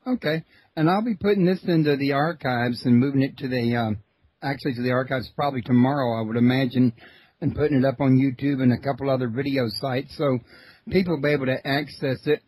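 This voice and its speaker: A male host of a long-running radio show, talking in a folksy, relaxed way with plenty of fillers. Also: mid-range voice, fairly quick, husky, no echo, rough recording. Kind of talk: casual interview talk.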